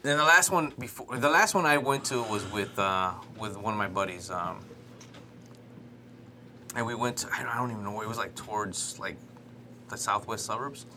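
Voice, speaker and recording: A man's voice: lowish voice, animated, moderate pace, noisy background. A young man from Chicago, co-hosting a podcast, telling a story in a rambling way with swearing, stammers and restarts. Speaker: podcast co-host. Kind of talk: casual chat.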